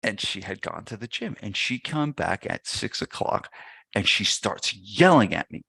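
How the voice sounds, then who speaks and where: Man, podcast guest, low bright voice, animated storyteller, dry close sound. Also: normal speed, gravelly, husky, dry recording. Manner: animated anecdote teller, acts out quotes. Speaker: podcast guest, gym business owner. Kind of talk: storytelling in casual interview.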